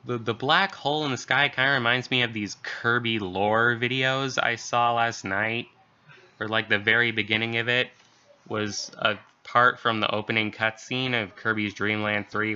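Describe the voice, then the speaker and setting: A man's voice: lowish voice, steady tone, normal speed, pushed and bright, smooth. A man hosting a channel and reading a creepy story, then chatting casually with fillers. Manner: rambling, filler-heavy chatter. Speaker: story reader, channel host. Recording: dull lo-fi recording.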